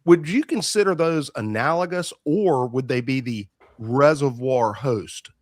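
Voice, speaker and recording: A man with a middle-pitched voice hosting a casual podcast, rambling and animated, often tossing questions to his guest. His voice sits close and dry on the mic. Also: unhurried, no room sound. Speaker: podcast host.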